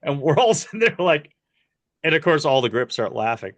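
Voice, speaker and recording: A man hosting an interview, telling a lively story from a film set and laughing often as he talks. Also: a little high, brisk. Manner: animated, laughs often while telling stories. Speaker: podcast host.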